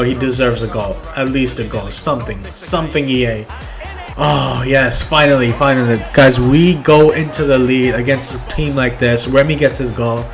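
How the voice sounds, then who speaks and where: A young man commentating his own football video game matches, talking straight to viewers and yelling at goals and near misses. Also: mid-range voice. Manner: talks straight to viewers, calls them guys. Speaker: gaming YouTuber. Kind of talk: live gameplay commentary.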